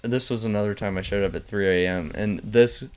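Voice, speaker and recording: A man's voice: on the low side, brisk, clean tone. A young man hosting a casual podcast chat, telling rambling, profane work stories full of likes. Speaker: podcast host.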